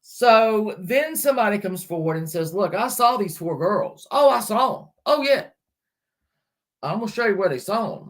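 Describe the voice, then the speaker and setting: A woman hosting a true-crime livestream, retelling a case in a chatty way and breaking off to greet people in the chat. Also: mid-range voice. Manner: chatty, talks back to chat comments mid-story. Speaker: livestream host. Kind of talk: casual true-crime storytelling to a live chat.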